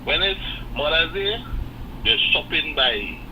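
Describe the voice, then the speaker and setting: A man calling in to a radio show, giving his opinion in an animated way with laughing asides. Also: a little high, slow pace, a little hiss or hum, poor audio. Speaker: caller. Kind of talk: phone-in comment.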